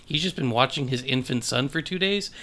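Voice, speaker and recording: A man's voice: mid-range voice, a little fast, pushed and bright. A man co-hosting a casual sports podcast, playful and joking in his banter. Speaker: podcast co-host.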